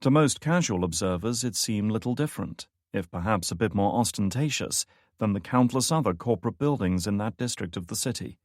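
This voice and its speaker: A man narrates a thriller audiobook in a measured, steady way. His voice sits low. The recording is close and dry. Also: no echo. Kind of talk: scripted narration.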